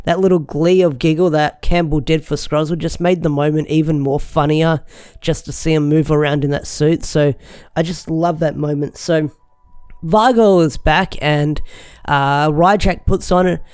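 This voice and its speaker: A man's voice: fairly high pitch, fairly even intonation, moderate pace, darkish tone, smooth, no room sound, studio quality. A young man chatting enthusiastically as he reviews an episode, rambling with restarts. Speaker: show reviewer. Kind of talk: casual video review.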